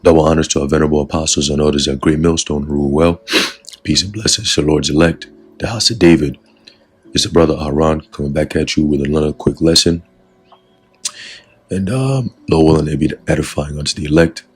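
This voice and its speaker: A man's voice: rumbling low, fairly quick, slightly rough. A man giving a casual, rambling spoken testimony and scripture lesson to his religious group. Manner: casual and rambling, with many fillers.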